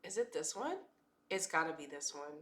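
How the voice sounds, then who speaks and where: A woman's voice: low-pitched, expressive, moderate pace, a crowd in the background. A woman streamer with a stuffy nose, chatting casually and swearing often. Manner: chatty, swears a lot, says "dude" often. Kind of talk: casual chat. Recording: echoey room with music playing.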